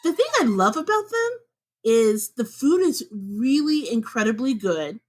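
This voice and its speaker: A woman co-hosting a podcast from home, chatting casually and laughing often. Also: a little slow. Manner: chatty and laughs often, with lively swings up in pitch. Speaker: podcast co-host.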